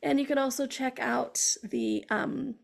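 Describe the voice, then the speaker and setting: Woman host, middle-aged, high voice with heavy vocal fry, chatty storyteller. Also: sing-song, measured pace. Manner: chatty storytelling, acts out her own inner dialogue. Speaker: show host. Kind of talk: spiritual talk show monologue.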